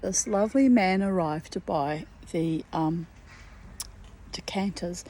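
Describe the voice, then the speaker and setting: A woman's voice: on the low side, darkish tone, a little hiss or hum, rough recording. A woman in her fifties from New Zealand, talking to camera in a blunt, chatty, rambling way, with the odd swear word. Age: 50s. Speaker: vlogger. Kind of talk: casual rambling monologue. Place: garden outdoors.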